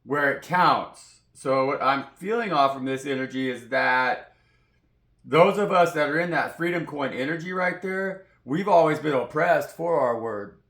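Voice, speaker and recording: A man's voice: on the high side, measured pace, fairly bright tone. A man giving a rambling, profane spiritual monologue as a tarot reader, preachy in tone. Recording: roomy echoey sound.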